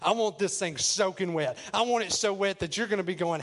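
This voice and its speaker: Male pastor, playful sermon storyteller, fairly high voice. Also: brisk. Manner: lively, jokey retelling.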